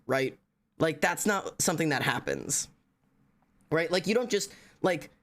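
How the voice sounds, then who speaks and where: A tired streamer, chatting casually on a live stream, rambling, joking and swearing a lot. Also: mid-range voice. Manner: profane, rambling, jokey.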